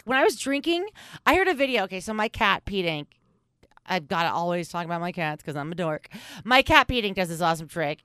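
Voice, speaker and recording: A woman's voice: fairly low pitch, a bit bright, clear, resonant tone, no room sound, clean studio sound. A woman hosting a recovery podcast, talking in a candid, self-mocking, rambling way. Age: adult in recovery. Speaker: podcast host. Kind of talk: casual chat.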